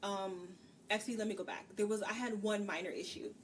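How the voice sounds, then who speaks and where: A woman co-hosting a book review show, ranting frankly about a novel in loose, casual chat. Her voice sits at an ordinary middle pitch. It comes from a mic set some way off, with a faint hiss behind it. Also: fairly even intonation. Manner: candid, ranting, acts out characters' lines in quick bits. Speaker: book review podcast co-host. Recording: distant mic with faint background noise.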